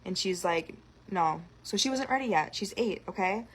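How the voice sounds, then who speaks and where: A young woman ranting in an outspoken, animated monologue to camera. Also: mid-range voice, a little fast, slight background noise. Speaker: vlogger.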